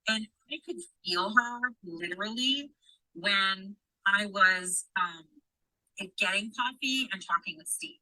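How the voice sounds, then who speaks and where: Bright, sharp-voiced woman telling a story. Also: mid-range voice, measured pace, rough recording. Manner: profane, animated storytelling with quoted dialogue. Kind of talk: casual podcast chat.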